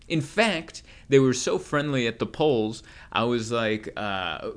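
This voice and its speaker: A man's voice: lowish voice, a little slow, hardly any pauses. A young man doing a comedic monologue, telling rambling stories with wry asides. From United States.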